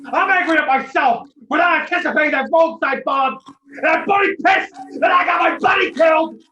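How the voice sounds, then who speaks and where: An actor playing a bitter male veteran who lost a leg, defensive and at times breaking into anguished shouting, in an amateur virtual stage play. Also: high-pitched, expressive, normal speed, muffled recording. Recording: echoey room with faint noise.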